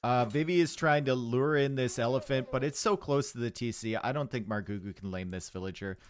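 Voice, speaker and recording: A man's voice: mid-range voice, a little fast. A man giving casual live commentary on a strategy game, chatty and joking with his viewers from a home streaming setup. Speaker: esports caster.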